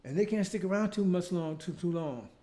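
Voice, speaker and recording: High-voiced man preaching with emphasis. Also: animated, a little fast, mellow. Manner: emphatic, repetitive, asks "See?" often; rhetorical questions and mocking asides. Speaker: speaker leading his own show. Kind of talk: preaching monologue.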